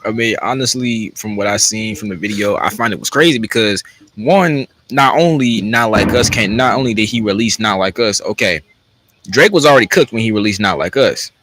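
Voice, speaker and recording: Laid-back low-voiced man. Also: brisk, fairly bright tone, a little hiss or hum, low-quality recording. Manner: laid-back listener, many short agreeing murmurs. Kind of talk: casual chat.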